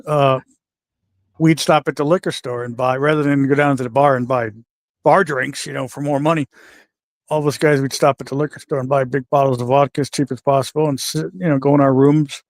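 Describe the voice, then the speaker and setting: An older man telling backstage stories in a casual, animated way, acting out the voices of the people in them. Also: mid-range voice, brisk, dry recording, studio quality. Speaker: guest wrestler telling stories. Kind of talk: casual storytelling.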